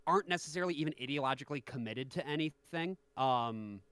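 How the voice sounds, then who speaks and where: A man hosting a stream, chatting casually and rambling with many halting restarts. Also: mid-range voice, animated, a bit bright, clean tone, no room sound. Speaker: stream host. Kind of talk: casual chat.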